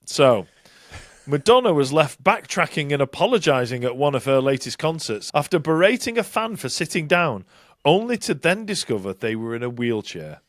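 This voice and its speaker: Animated sweary British man. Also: a little high, normal speed, no room sound, studio quality. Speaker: podcast co-host. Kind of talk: casual chat.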